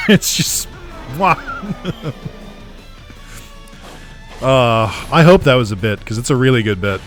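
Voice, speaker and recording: A man rants sarcastically while streaming a game, swearing freely and breaking into laughter. His voice swings widely in pitch as he talks. Faint music plays under him. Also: huge pitch swings, takes it slowly, pauses often, fairly bright tone. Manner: ranting, sarcastic, swears a lot, laughs often. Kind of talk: casual gaming stream chat.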